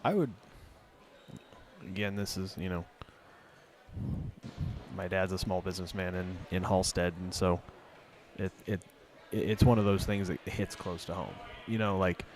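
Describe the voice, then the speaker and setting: A man doing color commentary at a high school basketball game, relaxed and chatty, full of "you know" and "like.". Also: measured pace, long pauses, slight background noise.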